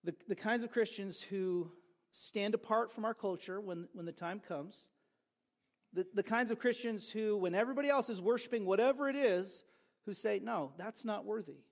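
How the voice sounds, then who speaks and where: A man preaching a sermon as pastor, in a conversational way with quick asides and restarts. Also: high voice.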